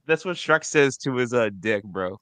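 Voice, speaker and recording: A man's voice: medium pitch, expressive, moderate pace, a bit bright, smooth, no echo. A man co-hosting a casual podcast, making goofy, crude jokes and talking with plenty of fillers. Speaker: podcast co-host. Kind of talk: casual chat.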